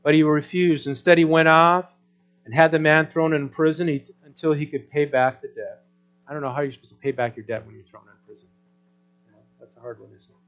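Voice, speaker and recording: A man delivering a sermon with a somewhat high-pitched voice. He preaches in a chatty, animated way, tossing out rhetorical questions. He alternates between loud, emphatic bursts and quiet asides. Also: a little fast, highs cut off, soft background music. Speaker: pastor.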